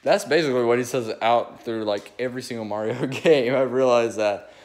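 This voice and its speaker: A man's voice: medium pitch, a little fast, a little mellow. A young man chatting casually and rambling eagerly between his impressions, recorded on a phone. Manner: rambling, restarts often, eager. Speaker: amateur impressionist.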